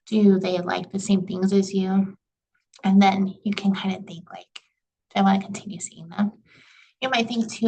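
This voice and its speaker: Gravelly-voiced woman teaching a lecture. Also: medium pitch, low-quality recording. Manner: conversational, uses "like" and "you know" often. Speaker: college communication instructor. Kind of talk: recorded lecture over slides.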